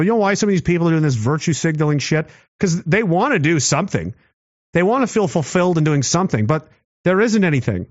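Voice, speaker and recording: A man hosting his own show, delivering a sarcastic, combative monologue to camera, swinging from low muttering to raised challenges. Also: a little mellow, dry recording, highs cut off. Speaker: commentary show host.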